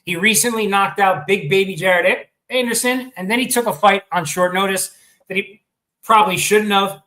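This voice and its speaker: A man with a high, bright voice talks sports in a loose, casual way. He keeps hitting ums and restarts, and he has the hiccups. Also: normal speed, rough recording. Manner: chatty, hesitant with many ums and restarts. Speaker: sports show host.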